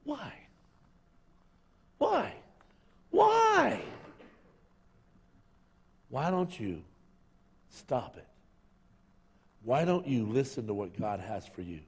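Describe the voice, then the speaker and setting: Lively joking pastor in a reverberant hall. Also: male voice, on the low side, takes it slowly, pauses often, husky. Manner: casual and joking, calls out to the congregation, asks for amens. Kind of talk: lively sermon. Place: church service in a sanctuary.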